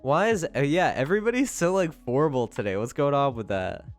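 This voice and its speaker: A man's voice: fairly high pitch, a little fast, faint music behind. Casual man greeting his stream chat. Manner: greets chat members by name, bursts of loud excited thanks. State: recovering from a cold.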